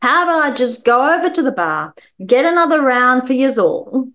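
Brief: a woman playing a sloshed, red-faced dad at a school dinner, loud and flat, raised pitch, drawn out. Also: moderate pace. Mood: drunken boastful. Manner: loud, flat, faltering, slurring. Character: drunk loud red-faced middle-aged man.

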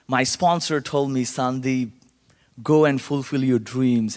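A young man from India with an Indian accent, sharing his testimony to a church congregation as an animated storyteller who acts out the voices of people he quotes. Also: medium pitch. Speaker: guest speaker sharing testimony. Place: church sanctuary. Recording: long hall reverb.

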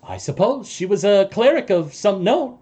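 A man narrating and voicing characters as game master of a tabletop game, casual and halting. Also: sits high, very animated, dark tone, breathy edge.

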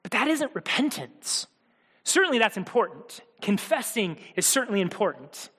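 A man preaching a sermon, earnest, moving between hushed quiet passages and urgent, pressing ones. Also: sits high, sing-song, normal speed, husky. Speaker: pastor. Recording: long hall reverb.

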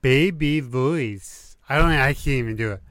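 A man co-hosting a casual podcast chat, breaking into laughs and trying quick impressions. His voice is smooth and resonant at a middle pitch. The recording is dry and close. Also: a bit bright, no room sound. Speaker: podcast co-host.

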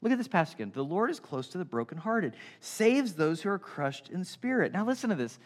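A man's voice: high-pitched, brisk. A middle-aged male pastor preaching a sermon in a conversational style, acting out little everyday scenes as he goes. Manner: animated, conversational preaching with acted-out asides.

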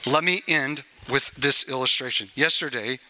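A man's voice: mid-range voice, normal speed, pushed and bright, poor audio. A man in his forties, a senior pastor, preaching a sermon and telling a family story, acting out pleading voices along the way.

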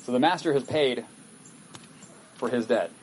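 Male pastor, mid-pitched, chatty sermon delivery with scripture readings, faint hiss behind. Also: a little slow, poor audio. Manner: conversational, reads scripture aloud with acted asides.

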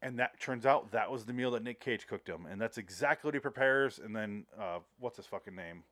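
A man talking casually about a movie, animated and profane, acting out scenes as he retells them. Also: fairly low pitch, fairly quick, no echo.

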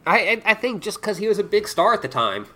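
A man with a fairly high, lively voice, rambling through a casual podcast chat as co-host. He leans heavily on filler words and drops into quoting the characters he describes. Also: quick pace.

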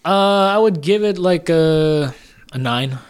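A man's voice: a little high, expressive, takes it slowly, clean tone. A man co-hosting a casual movie review podcast, speaking in a laid-back, profane way full of fillers. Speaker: podcast co-host.

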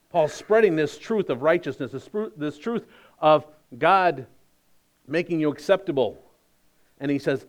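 A man pastor delivering a sermon with a slightly high-pitched voice. He talks in a conversational way, leans hard on his key points, and slips in wry humor. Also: unhurried.

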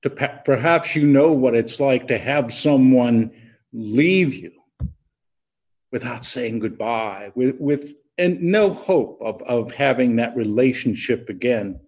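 A man preaching a sermon as an unhurried storyteller, pausing deliberately as he leads into his point. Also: mid-range voice, lively intonation, a little mellow, breathy edge. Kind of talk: sermon with a told joke.

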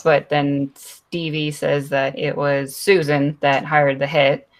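A woman recapping a story in a relaxed book discussion, easy and unhurried. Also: low voice.

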